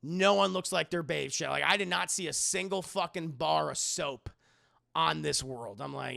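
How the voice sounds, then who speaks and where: A man's voice: fairly high pitch, normal speed, gravelly, pushed and bright. A man chatting casually on a live stream, reviewing a film scene by scene, swearing freely, and talking to his chat. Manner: profane, chatty, talks to chat.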